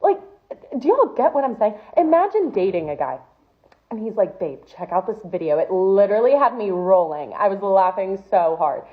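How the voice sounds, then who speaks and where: A woman's voice: medium pitch, sing-song, normal speed. A young woman telling comedic dating stories in an exasperated, incredulous rant. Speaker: comedic storyteller. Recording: tinny phone-like sound.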